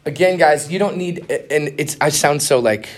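Giving a master class at a conference, a young man speaks at a moderate pace in a fairly high-pitched voice. He tells stories in an earnest, casual way, using slang and often restarting his sentences.

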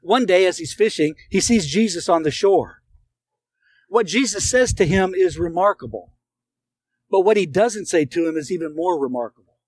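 Male pastor with a high voice, earnest sermon storyteller who leans on dramatic pauses. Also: animated, a little mellow, rough recording.

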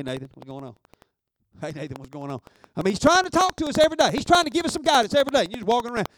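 A man preaching a fervent, folksy sermon in a strikingly high voice. He calls out to the congregation and draws answers back from them. A faint hiss sits under the recording. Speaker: pastor.

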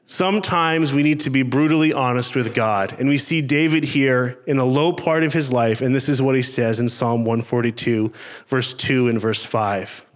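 A man's voice: mid-range voice, moderate pace. A man preaching as pastor to a church congregation, earnest and pleading, with repeated phrases. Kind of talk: sermon. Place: church service before a congregation.

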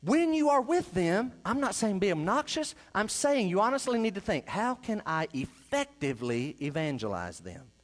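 A male pastor preaching a sermon, swinging between loud emphasis and quiet asides. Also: high voice, big pitch swings, moderate pace, few pauses.

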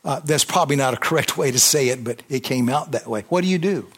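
A man preaching a sermon, fervent, with call-and-response and swings between loud emphasis and quiet intensity. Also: medium pitch, fast, husky.

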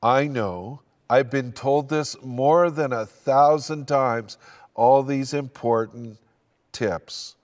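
A man's voice: mid-range voice, slow pace, darkish tone, lightly acted. An older male pastor voicing a young man who sounds weary and a bit impatient. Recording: long hall reverb.

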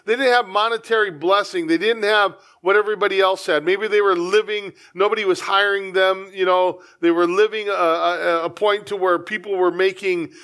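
A man's voice: high voice, steady tone, moderate pace, few pauses, pushed and bright, clear, resonant tone. A man pastor preaching a conversational sermon, breaking into acted-out asides.

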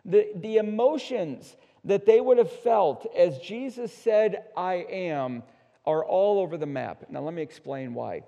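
A male pastor preaching an emphatic sermon, swinging between hushed asides and loud, slowed-down declarations. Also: sits high, lively intonation, creaky. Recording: dull sound with long hall reverb.

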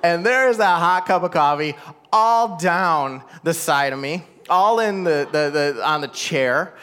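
A man telling a personal family story to a live audience. He is animated and self-deprecating, with frequent asides to the listeners. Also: fairly high pitch, measured pace, clear, resonant tone. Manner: animated, self-deprecating, rising to loud exasperation at the climax; talks straight to listeners with frequent "all right?" asides.

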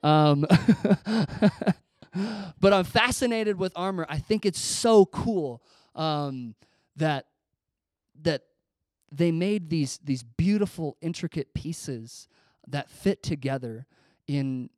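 A young man preaches in a loose, chatty way, telling childhood stories with plenty of fillers and restarts. His voice sits a little higher than most men's and comes across as self-deprecating. The recording is close and dry, with no room sound. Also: slow pace, pauses often, a little mellow, dry recording. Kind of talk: casual storytelling sermon.

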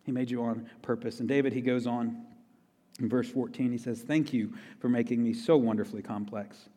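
A man's voice: medium pitch, fairly even intonation, moderate pace, dark tone. A man preaching a sermon in a conversational way, repeating key phrases for emphasis. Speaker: pastor. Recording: long reverb of a large hall.

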